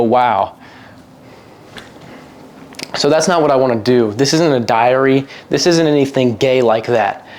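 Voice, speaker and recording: Young male vlogger, mid-pitched voice, profane, jokey, wanders off topic. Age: young adult. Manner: crude, joking, rambling, mimics others in a high voice. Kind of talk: casual monologue to camera. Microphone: single mic, a cappella opener.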